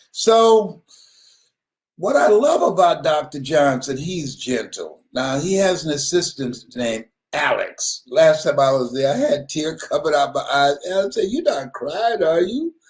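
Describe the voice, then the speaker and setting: Lively, laughing motivational speaker man. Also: high voice. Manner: laughs often, emphatic repetition. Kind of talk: motivational sermon.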